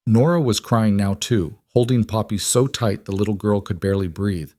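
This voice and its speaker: A man narrating a western story in a brisk, dramatic style. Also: lowish voice, darkish tone, dry recording, studio quality.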